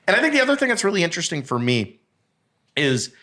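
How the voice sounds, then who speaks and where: A man guesting on a podcast, telling a story in a rambling, animated, profane way with fillers and restarts. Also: sits high, quick pace. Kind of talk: casual storytelling chat.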